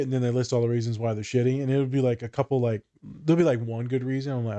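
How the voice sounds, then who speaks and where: A man's voice: mid-range voice, a little fast. A man, a therapist and podcast host, talking casually, telling stories with lots of swearing and acted-out quotes. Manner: animated, profane storytelling with quoted voices.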